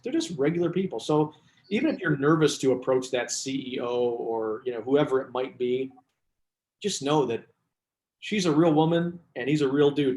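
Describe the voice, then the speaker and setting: A man, a business coach, chatting as a guest and telling lively stories with asides and restarts. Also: mid-range voice. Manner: animated storyteller, frequent restarts and asides. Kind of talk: casual interview chat. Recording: roomy echo.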